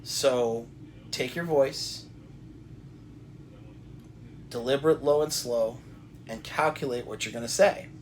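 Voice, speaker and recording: Man giving deliberate coaching advice. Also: medium pitch, slight background noise. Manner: deliberate, coaching, repeats himself, restarts. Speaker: self-help coach. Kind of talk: direct-to-camera advice talk.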